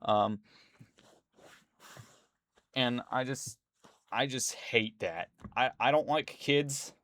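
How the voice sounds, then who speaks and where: A man's voice: medium pitch, extremely slow, fairly bright tone, no room sound, studio quality. A man at home, rambling indignantly as a YouTuber in casual ranting commentary, full of fillers.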